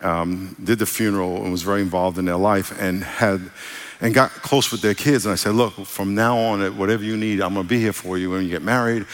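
A middle-aged pastor, his voice sitting a little low for a man. He preaches in a loose, folksy way, stumbling into restarts and asking the congregation for an amen. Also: steady tone, brisk. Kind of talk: conversational sermon.

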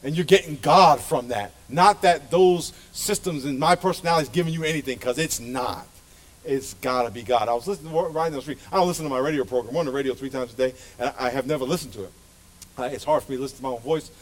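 A man's voice: mid-range voice, fast talker. A middle-aged male pastor preaching a sermon to his church with passionate, emphatic delivery. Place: church sanctuary.

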